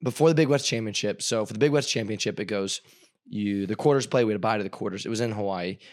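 A man's voice: on the low side, fast talker, a little mellow, dry recording, studio quality. A young man co-hosting a podcast, telling a rambling story in casual chat and acting out the quotes. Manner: rambling, repeats words, acts out quotes. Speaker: podcast co-host.

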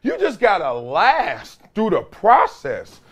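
Man, forties, sports talk host, slightly high voice, swooping lively delivery, slangy storyteller, laughs a lot. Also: slow, slightly rough. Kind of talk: casual sports commentary with storytelling.

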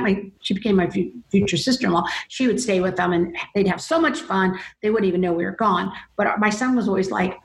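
A woman's voice: medium pitch, creaky. A middle-aged mother speaking as a guest, telling stories earnestly about faith and parenting. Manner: earnest, storytelling, acts out voices in quotes. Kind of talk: Christian parenting talk. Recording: roomy echo.

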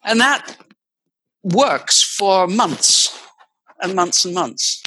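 An older woman voice teacher, explaining expressively as a guest, swooping her pitch to demonstrate. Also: lively intonation, very slow, sharp tone, breathy edge, dry recording, rough recording. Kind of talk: explanatory interview talk.

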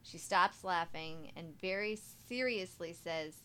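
A woman co-hosting a casual podcast, reading listener stories aloud with quick asides and frequent laughter. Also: lowish voice, pushed and bright, smooth. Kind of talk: casual chat.

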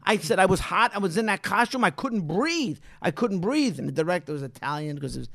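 Middle-aged male guest, animated raconteur, raspy fry, dead-dry mic. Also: sits high, brisk, dry recording. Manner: animated storyteller, acts out quotes, swears, laughs. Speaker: guest actor. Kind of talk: casual chat.

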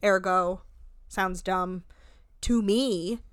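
A woman in her thirties chatting casually on a podcast, retelling a TV show in an animated way. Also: smooth, no echo, studio quality. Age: 30s. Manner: animated retelling, shifting quickly between pitches. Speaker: podcast co-host. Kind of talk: casual chat recapping a TV show.

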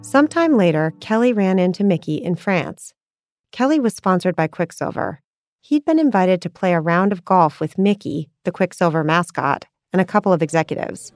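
A woman hosting a podcast, reading scripted narration in a measured way. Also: lowish voice, expressive, dry recording, studio quality.

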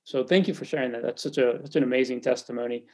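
A man's voice: medium pitch, steady tone, fast talker, darkish tone. A middle-aged man hosting a faith podcast, talking in an earnest, encouraging and reflective way. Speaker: podcast host.

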